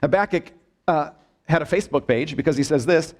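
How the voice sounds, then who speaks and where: A male pastor delivering a sermon in a church, asking the congregation questions and drawing them into call-and-response, sometimes dropping low and soft for emphasis. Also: a little fast. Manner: expressive preaching, dips low and soft for emphasis. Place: church sanctuary.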